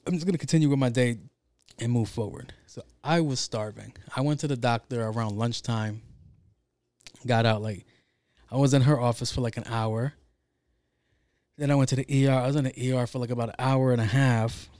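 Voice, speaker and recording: A young man hosting a podcast, telling a story in a casual, profane, animated way with lots of slang. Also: medium pitch, moderate pace, long pauses, dry recording. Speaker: podcast host.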